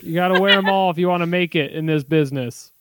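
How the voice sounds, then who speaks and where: A man's voice: high voice, quick pace, background noise. Joking man riffing on a podcast. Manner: jokey, riffing bits, crude humor. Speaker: podcast co-host. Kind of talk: casual comedic podcast banter.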